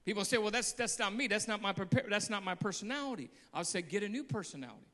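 A guest pastor with a high voice preaches a passionate sermon, talking fast, telling stories, repeating phrases and breaking into shouts. A long reverb tail trails his words.

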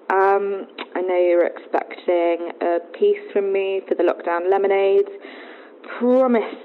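A woman's voice: medium pitch, measured pace. Woman on a tinny voicemail line. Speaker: caller leaving a voice message. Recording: phone voicemail with faint hiss.

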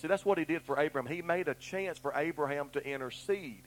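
A man's voice: fairly high pitch, fairly quick, few pauses, rough recording. A middle-aged man, preaching a sermon in a folksy, earnest way and telling down-home stories. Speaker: pastor.

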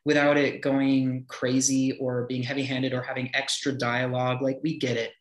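A man on a casual movie podcast lays out his views at length and swears casually. His voice is mid-pitched. He sounds echoey, as if recorded in a roomy space. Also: completely flat delivery, normal speed, crowd noise. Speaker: podcast panelist.

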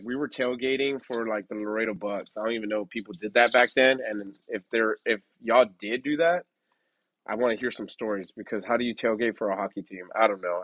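A man's voice: medium pitch, no room sound, low-quality recording. A young man chats his way through a story in a loose, rambling way, full of restarts, filler words and casual swearing. His voice sits in a middle range, easygoing and unpolished. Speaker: podcast host.

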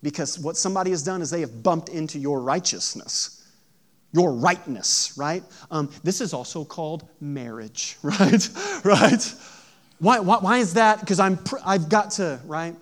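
Pastor preaching, somewhat high voice. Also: male voice, normal speed. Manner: swings from hushed storytelling to loud emphatic preaching; asks the audience questions. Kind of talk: sermon.

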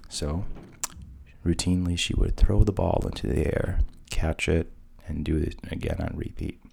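A man narrating a fairy tale softly, at times dropping to a whisper. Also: extremely low pitch, fairly even intonation, moderate pace, vocal fry, slightly rough. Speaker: storyteller.

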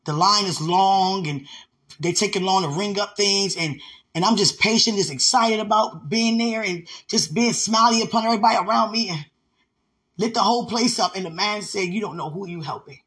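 A high-pitched, slightly rough, somewhat bright voice belongs to a vlogger speaking at normal speed to his fiancé. He sits by a window at home, rambling, laughing often and talking casually with love and devotion.

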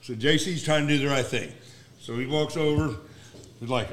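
A man in a casual chat with friends, jumping in loud and profane to tell his side of a story. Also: a little high, brisk.

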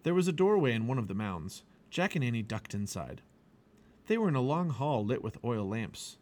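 A man reading a children's chapter book aloud with expressive storytelling. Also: mid-range voice, moderate pace. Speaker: family podcast reader.

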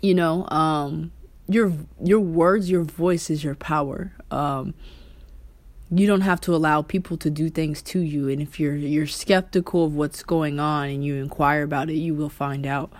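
A woman with a low, deep voice talks loosely and casually about spiritual energy straight to the camera. She is conversational and swears now and then. The sound is dry and close, with no room around it. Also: steady tone, unhurried, no room sound. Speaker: vlogger.

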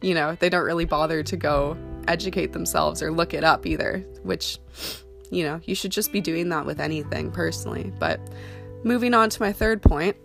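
A young woman talks casually about modeling work, rambling and chatty with plenty of ums and likes. Her voice sits low with a gravelly rasp. Soft guitar music plays faintly underneath. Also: normal speed. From Canada. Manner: chatty, full of fillers like "um" and "like". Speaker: model giving career advice. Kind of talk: casual talking-to-camera advice.

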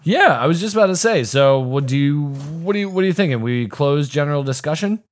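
A man's voice: fairly high pitch, lively intonation, fast. A man co-hosting a podcast, chatting casually about movie quotes, enthusiastic and swearing freely. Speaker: podcast co-host. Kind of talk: casual chat.

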